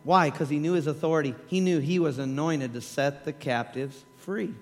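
A man preaching a sermon, telling scripture stories with animated acted-out voices and laughter. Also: a little high, normal speed, long reverb tail.

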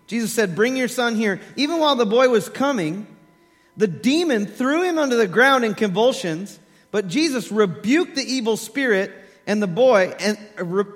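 A man preaching a sermon, telling scripture stories with animated acted-out voices and laughter. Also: high-pitched, long reverb tail.

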